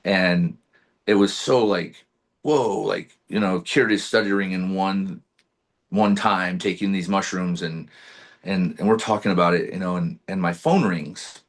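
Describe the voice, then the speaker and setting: A man with a fairly low-pitched voice talks as a podcast guest in loose, casual conversation. He tells his story with animated energy and swears freely. He acts out what he once said along the way. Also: a little slow.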